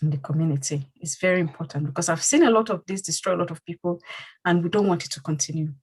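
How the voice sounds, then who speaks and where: A woman with a lowish, slightly mellow, breathy voice talks fast as she hosts a panel for the community she leads. She speaks earnestly, repeating phrases for emphasis, on a rough recording.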